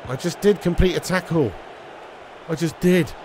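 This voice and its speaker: A man live-streaming a football video game, chatting casually with viewers, reading out their messages, swearing and bursting into excited cheers. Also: a little high, normal speed, slight background noise. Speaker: gaming streamer.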